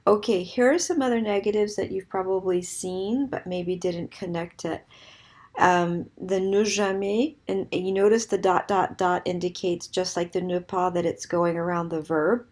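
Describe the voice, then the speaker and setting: A woman French teacher giving a recorded grammar lesson, explaining clearly and mixing English with French examples. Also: fairly low pitch, steady tone, moderate pace, darkish tone.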